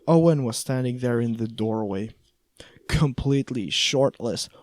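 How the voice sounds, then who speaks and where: A man's voice: medium pitch, unhurried, darkish tone, no room sound. A man reading a first-person audiobook in a wry, conversational way. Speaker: audiobook narrator.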